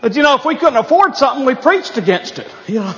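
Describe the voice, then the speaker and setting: A man's voice: extremely high pitch, big pitch swings, fast, fairly bright tone, dull audio. A man from Appalachia doing a stand-up comedy set, telling folksy stories with punchy asides. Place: live venue. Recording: echoey hall with audience.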